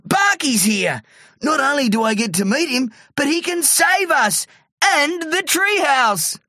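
A woman reading a storybook aloud, voicing an excited, eager young boy in a squeaky, higher voice. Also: takes it slowly, husky, no room sound, studio quality, full character voice.

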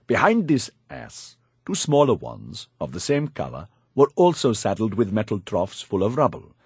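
A man's voice: lowish voice, sing-song, normal speed, a little mellow, husky, no echo. A man narrating a first-person audiobook in a wry, confiding storytelling manner, on a close studio mic.

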